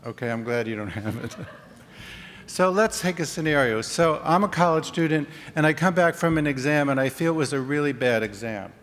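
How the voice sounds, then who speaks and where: A man's voice: fairly high pitch, fairly quick, fairly bright tone. A man giving a conference talk in a conversational way, acting out short example dialogues. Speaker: conference speaker. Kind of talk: conference presentation. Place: conference hall. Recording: long reverb of a hall.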